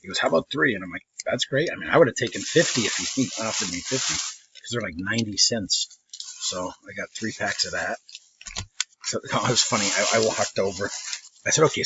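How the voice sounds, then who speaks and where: A man, a trading card collector telling a rambling, casual story and acting out what people said. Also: mid-range voice. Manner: rambling, laughs often, mimics people in quotes. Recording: slightly dull lo-fi audio with faint noise.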